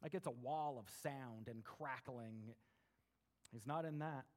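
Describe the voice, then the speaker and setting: A young adult man preaching a conversational sermon and reading scripture, animated, with big swings between loud and quiet. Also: medium pitch, unhurried. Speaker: pastor.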